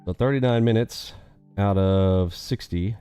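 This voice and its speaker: A man's voice: lowish voice, a little slow, warm tone, clean tone, faint music behind. A man live-streaming his day trading, upbeat and quizzing his viewers with catchphrases.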